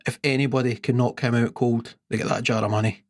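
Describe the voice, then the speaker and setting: A man, co-hosting a sports podcast and telling a long pub joke in an unhurried, deadpan way. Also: medium pitch, no echo, clean studio sound. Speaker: podcast co-host.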